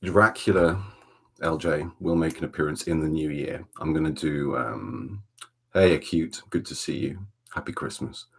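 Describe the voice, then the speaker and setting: A man with a Welsh accent hosting a relaxed ASMR livestream from a dark room at home, chatting softly and greeting viewers by name. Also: very deep voice, moderate pace, gravelly, husky. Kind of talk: soft-spoken ASMR chat.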